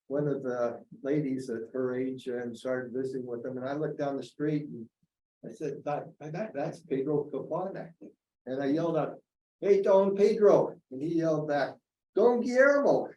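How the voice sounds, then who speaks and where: A man in his seventies telling a story at a college reunion, halting with many fillers. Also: medium pitch, fairly even intonation, mellow, lo-fi sound. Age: 70s. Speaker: reunion alumnus. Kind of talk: casual storytelling. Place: college meeting room. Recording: roomy hall, distant mic, faint noise.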